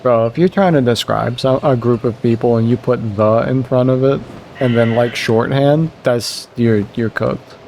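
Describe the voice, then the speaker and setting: A young man chatting casually while streaming a game, rambling and animated, jumping high when he quotes other people. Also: normal speed, a little hiss or hum.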